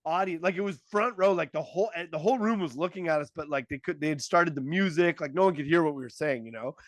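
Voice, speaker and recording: A man's voice: on the high side, fast, no room sound. A man, a comedian, telling a story in casual podcast chat and acting out the lines of the people in it. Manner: animated storyteller, acts out quoted lines.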